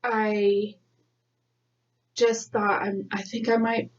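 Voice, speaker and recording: A woman's voice: mid-range voice, little pitch movement, slow. Chatty woman podcaster, distant lo-fi mic. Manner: chatty, rambling, laughs often. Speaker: podcast co-host. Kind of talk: casual chat. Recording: dull lo-fi sound from a distance.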